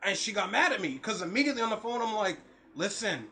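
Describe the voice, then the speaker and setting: A man's voice: high voice, fast talker. A young man in casual podcast chat, telling stories with a lot of swearing and acting out what people said. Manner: animated, profane, acts out quotes. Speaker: podcast co-host.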